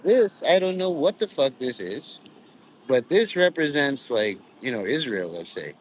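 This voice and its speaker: A very animated man with a mid-range voice talks a little slowly through a wandering, profane monologue, saying "you know" a lot and shifting between mock-preachy asides and quoted voices. The audio is poor, with some hiss or hum.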